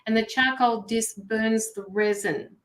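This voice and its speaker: A woman's voice: on the high side, steady tone, unhurried, fairly bright tone. A woman hosting a live tarot and mediumship stream, chatting casually and greeting viewers by name from her studio. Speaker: tarot reader and medium, show host. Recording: roomy studio echo.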